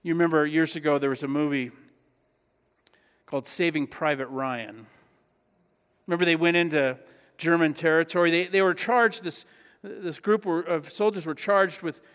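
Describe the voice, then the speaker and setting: A man's voice: on the high side, normal speed, fairly bright tone. A pastor preaching a sermon in his church, earnest and emphatic, repeating key phrases. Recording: long hall reverb.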